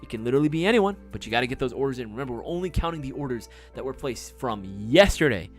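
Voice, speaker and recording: A man's voice: mid-range voice, expressive, quick pace, faint music behind. A man hosting a casual livestream, chatty and hyped, reading viewer comments aloud and swearing casually. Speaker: livestream host.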